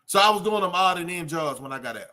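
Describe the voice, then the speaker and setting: A middle-aged man talks off the cuff like a street preacher, rambling and circling back with fillers. His voice sits high for a man and rings bright and forceful. It sounds like a host talking straight to his viewers. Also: expressive, quick pace. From Texas. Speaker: channel host. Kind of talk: off-the-cuff motivational talk.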